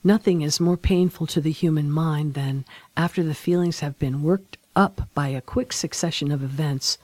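Audiobook narrator, woman, solemn and dramatic, dark warm tone. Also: sits low, normal speed, no room sound. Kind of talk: scripted narration of a classic novel.

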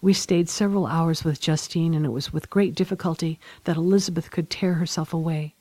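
A woman narrating a classic novel aloud in a solemn, measured, dramatic manner. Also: sits low, fairly even intonation, mellow, no echo. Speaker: audiobook narrator.

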